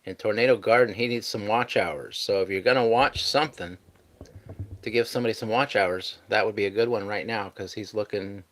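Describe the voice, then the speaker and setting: Low-voiced man chatting on a live stream. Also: a little fast, fairly bright tone. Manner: easygoing, thanks viewers and reads their messages aloud. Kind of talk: casual live stream chat.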